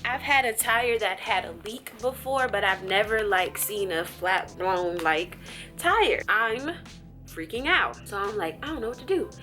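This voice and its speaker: Bright-voiced woman vlogger telling a story. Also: unhurried, soft background music. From USA. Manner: animated, jumps high in pitch when acting out her own thoughts. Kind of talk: casual vlog storytelling.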